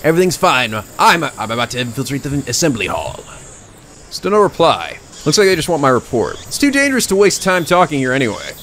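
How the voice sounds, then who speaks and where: A man's voice: on the high side, big pitch swings, fairly quick, fairly bright tone, slight background noise. A man voicing a dramatic, paranoid young mad scientist in a video game, delivering lines in a theatrical, conspiratorial way.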